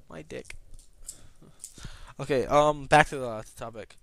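A young man vlogging a rambling comedic rant, swearing and bursting into shouts. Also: mid-range voice, animated, fairly quick, gravelly, long pauses.

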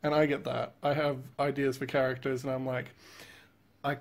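Relaxed young male co-host, casual, laughs easily, mid pitch. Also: moderate pace, creaky. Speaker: channel co-host. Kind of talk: casual chat over a drawing video.

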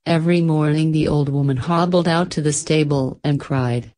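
A woman narrating a fairy tale in a measured, steady storytelling manner. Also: low-pitched.

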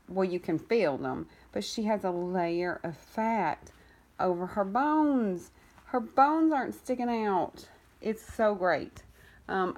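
A woman's voice: mid-range voice, darkish tone. A woman giving a casual vlog update on her foster kittens, rambling with many ums, cooing at the cats now and then, and coughing while she gets over an illness. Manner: coos affectionately at the kittens. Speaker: cat rescuer and foster carer.

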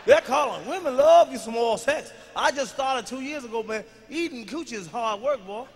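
A man doing loud, profane, animated stand-up comedy on stage, telling stories and shouting punchlines. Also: very high voice, moderate pace, husky. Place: comedy stage before a live audience. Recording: live show recording with reverb and noise.

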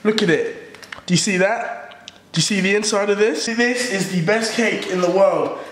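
Excitable man, high and echoey. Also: moderate pace, a little hiss or hum. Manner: excitable, exaggerated, swearing. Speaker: YouTube host. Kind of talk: comedic vlog. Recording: echoey room, distant mic, background music.

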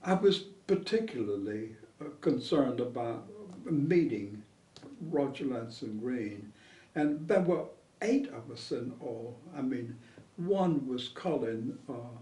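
An older man being interviewed, telling old memories in a halting way with many pauses and fillers. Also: medium pitch, expressive, warm tone, far from the mic. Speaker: interview guest. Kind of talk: reminiscing conversation. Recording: echoey room, voice off-mic.

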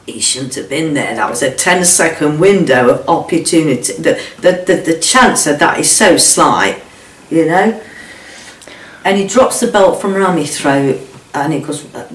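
A woman's voice: low-pitched, normal speed, a little hiss or hum. A middle-aged woman speaks bluntly and emotionally, swearing and voicing the people in her story. Her voice rings around an echoey room. She sounds set back from the microphone. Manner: blunt, swears, acts out quoted speech. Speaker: whistleblower guest. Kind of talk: emotional first-hand account. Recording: echoey room, distant mic.

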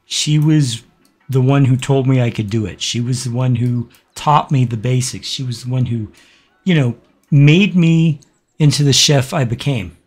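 Man host, middle pitch, unhurried, halting and reflective delivery, many pauses. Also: faint music behind. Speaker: gaming channel host. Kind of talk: casual let's-play commentary with a personal story.

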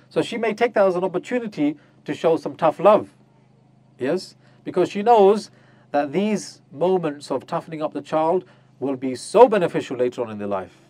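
A man giving an interactive religious lecture, asking his listeners questions and acting out little scenes to make his points. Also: on the high side. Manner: questions the audience, acts out voices of mothers. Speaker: Islamic teacher. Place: on a group pilgrimage tour.

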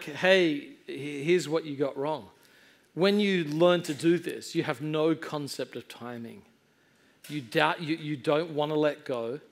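A middle-aged male pastor preaching a sermon, telling a story with animated, self-mocking comedy. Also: on the high side, creaky. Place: church service before a laughing congregation.

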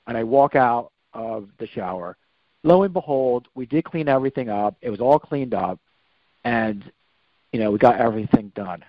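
A man's voice: medium pitch, normal speed, no room sound. Man, podcast guest, rambling storyteller, slightly muffled dry recording. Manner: rambling, self-correcting storyteller. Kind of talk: personal storytelling.

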